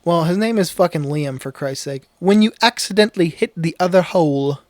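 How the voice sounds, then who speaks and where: A man's voice: on the high side, lively intonation, fairly quick, a little mellow, no echo. Dry-voiced young man reading comments. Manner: dry, reads comments aloud. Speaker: podcast co-host reading comments. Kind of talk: casual podcast banter.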